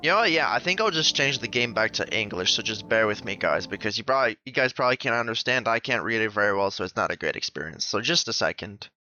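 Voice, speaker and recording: A man's voice: lowish voice, lively intonation, fast talker, hardly any pauses, bright, forceful tone, highs cut off. A man hosting a gaming channel, casually commenting as he plays a horror game, rambling and swearing now and then. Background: game music.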